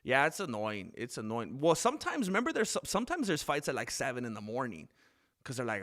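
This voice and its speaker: A man's voice: mid-range voice, huge pitch swings, brisk, a bit bright. A man hosting a casual live stream into a desk microphone, rambling between topics and reading chat comments aloud with frequent laughs. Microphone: desk microphone with mixer.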